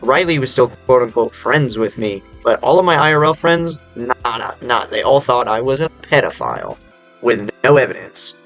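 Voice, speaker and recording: A young adult man telling a personal story in casual speech, animated and rambling, with lots of fillers and swearing. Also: medium pitch, normal speed, gravelly, faint music behind. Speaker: storyteller vlogger.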